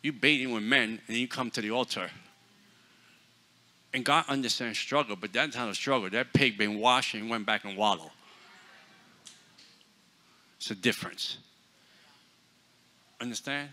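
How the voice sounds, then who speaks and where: A man preaching a sermon in a church, blunt and forceful, dropping to hushed asides and then booming out. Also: measured pace, pauses often. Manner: forceful, blunt, swings between loud and hushed. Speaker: guest preacher.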